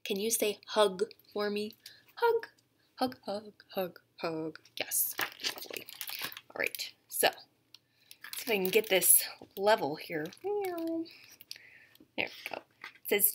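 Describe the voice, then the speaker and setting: A museum educator with a mid-range voice reads a picture book aloud to young English learners, animated and repetitive, sometimes dropping to a soft whisper. She takes it slowly and pauses often, and background noise is audible.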